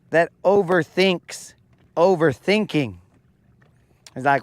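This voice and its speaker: A man with a fairly high voice talks slowly and at length, hosting a live fishing stream out on a lake. He rambles through viewers' questions with jokey self-mockery. The sound is dry and close. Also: lively intonation, no echo. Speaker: fishing livestream host. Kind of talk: casual live-stream chat while fishing. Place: outdoors on a boat on a lake.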